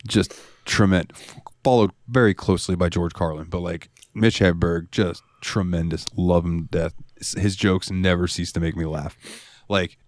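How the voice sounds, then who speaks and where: A man co-hosting a podcast in casual chat, excitable, swearing freely and laughing often. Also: low voice, moderate pace, no room sound, clean studio sound. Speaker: podcast co-host.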